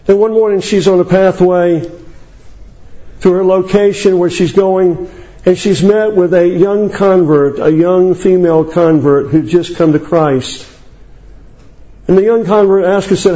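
A man preaching a sermon, emphatic and building to high declamation as he quotes scripture. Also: steady tone, unhurried, warm tone, muffled recording.

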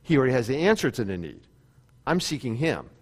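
A man's voice: medium pitch, sing-song, fast, in a large hall. A male pastor giving a sermon in a conversational preaching style, now and then acting out quoted prayers. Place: church sanctuary.

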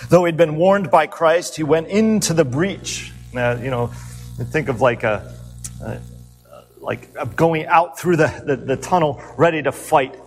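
Preacher guy, fairly high voice, earnest, lots of rhetorical questions, echoey hall with faint music under it. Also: lively intonation, unhurried. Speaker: pastor. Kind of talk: sermon.

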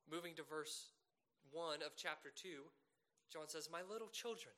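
A man preaching a sermon, earnest and emphatic, building to loud peaks and asking rhetorical questions. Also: on the high side, moderate pace.

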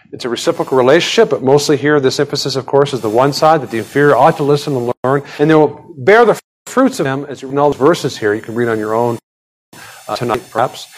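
A middle-aged pastor preaches in a loose, conversational style full of restarts and asides, his pitch jumping sharply upward whenever he stresses a point. The recording quality is low.

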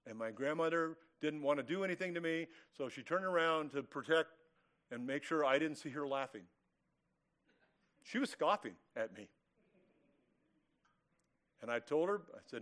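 Higher-pitched man preaching with emphasis. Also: moderate pace, long pauses, a bit bright. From California. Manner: emphatic preaching with rhetorical questions and acted-out quotes. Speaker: pastor. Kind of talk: expository sermon.

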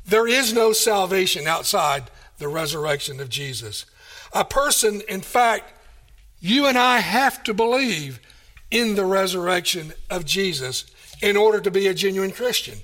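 A man delivers a sermon at an unhurried, deliberate pace. His voice sits high for a man, and he presses his points with repeated rhetorical questions. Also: animated, sharp tone. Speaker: pastor.

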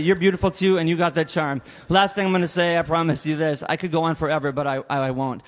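A man's voice: a little high, steady tone, fast talker, few pauses, slight background noise. Man giving a eulogy in a reverberant chapel. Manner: warm storytelling with laughs and asides. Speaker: eulogy speaker. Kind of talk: funeral eulogy. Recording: long hall reverb in a chapel.

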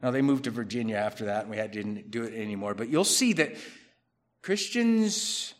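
A man preaching a sermon as a pastor, talking conversationally, rising to loud emphatic bursts, dropping to quiet asides, and acting out quoted people. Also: lowish voice, lively intonation, normal speed. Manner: acts out quoted people in his own voice.

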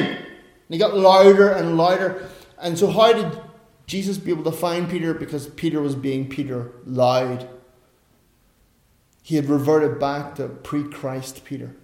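A man preaching a sermon, telling the story in an animated way that swings from quiet asides to loud bursts. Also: on the high side, moderate pace. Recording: echoey room.

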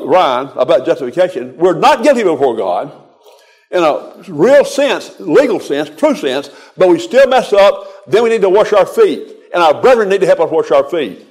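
A man's voice: fairly high pitch, darkish tone. An older man preaching a folksy, exhorting sermon, quoting scripture in a rhythmic cadence.

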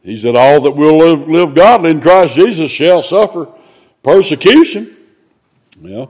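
Male preacher, high lively voice, slow measured sermon pacing with sudden emphatic peaks. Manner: reads scripture then explains, rising to loud exclamations. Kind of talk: expository sermon.

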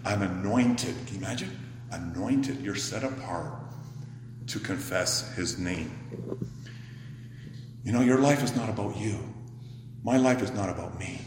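A man preaching a sermon, swinging from loud emphatic bursts to hushed, whispered lines. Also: fairly low pitch, unhurried, long pauses, noisy background. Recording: echoey hall, faint ambience.

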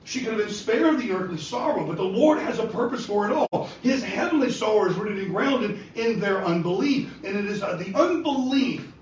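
A man preaching with passion, his high voice swinging widely as he builds to peaks and drops back down. He sounds far from the microphone in a very echoey church hall, the recording dull and lo-fi with a faint hiss. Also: lively intonation, normal speed, hardly any pauses. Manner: impassioned, rising and falling preaching delivery. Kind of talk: sermon. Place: church sanctuary.

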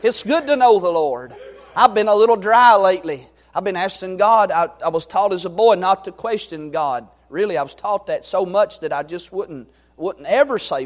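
A middle-aged man preaching a sermon, swinging from loud exhortation to quiet storytelling. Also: on the high side, animated, moderate pace.

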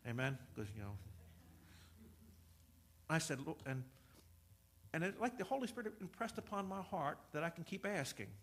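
A man preaching in a church, high-pitched, telling a personal story and slipping in jokes along the way. His voice is bright and forceful, and it drops from loud preaching to soft confiding and back. He stumbles over words and repeats them when he gets going. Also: sing-song, moderate pace, pauses often. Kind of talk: sermon.

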